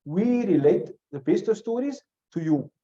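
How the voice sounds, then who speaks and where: A man teaching an Arabic grammar class, explaining step by step, quizzing his students with questions and reciting short Arabic phrases quickly. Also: sits high, lively intonation, mellow. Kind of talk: classroom lesson. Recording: echoey room, dull lo-fi sound.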